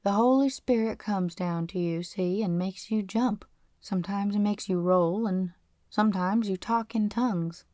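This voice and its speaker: A blunt, defiant runaway farm boy, as a woman reads him in an audiobook, speaking in plain folksy backcountry grammar. The tone is mellow and dark, and it sounds close and dry. It comes across as earnest storytelling. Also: mid-range voice, moderate pace, no echo, natural voice. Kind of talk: audiobook character reading.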